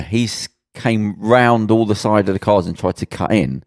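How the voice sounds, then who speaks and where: A deep-voiced man rants excitably on a podcast, swearing and laughing along. The sound is close and dry. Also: normal speed, dry recording. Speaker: podcast co-host. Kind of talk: casual banter.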